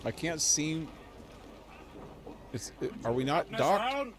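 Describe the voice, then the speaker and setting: A man's voice: fairly high pitch, very animated, takes it slowly. A man streaming a game live, rambling and chuckling as he plays and talks to his dog. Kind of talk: live gameplay commentary.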